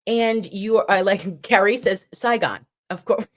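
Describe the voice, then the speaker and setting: A woman in her forties hosting a casual livestream, chatty and animated, acting out the things people said to her. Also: medium pitch, slow. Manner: animated, chatty, acts out quotes. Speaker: livestream host.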